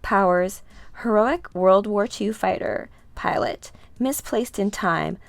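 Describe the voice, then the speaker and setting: A woman narrating a comic book read-through at an unhurried reading pace. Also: medium pitch, expressive, vocal fry, no echo. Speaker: comic book reader in cosplay.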